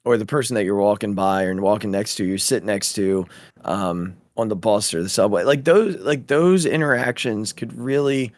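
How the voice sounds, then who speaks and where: A man's voice: fairly low pitch, moderate pace, no echo, studio quality. A man co-hosting a podcast, a teacher talking in an earnest, reflective way with many fillers and restarts. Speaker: podcast co-host. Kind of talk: casual chat.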